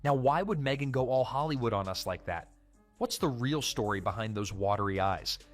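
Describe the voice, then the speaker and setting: A man's voice: mid-range voice, lively intonation, normal speed, faint music behind. A man reading scripted commentary narration in a punchy, dramatic way.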